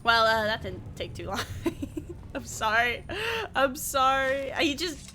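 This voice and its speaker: High, lively, giggly woman streamer. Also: slow, slight background noise. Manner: chatty, giggly, swears freely. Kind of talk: casual game commentary.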